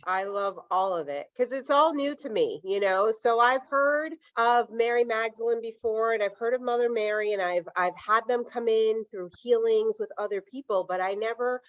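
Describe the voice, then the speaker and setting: A woman's voice: on the high side, normal speed, few pauses, no echo, highs cut off. A woman hosting a casual podcast, speaking reflectively in long thoughtful runs. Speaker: podcast host.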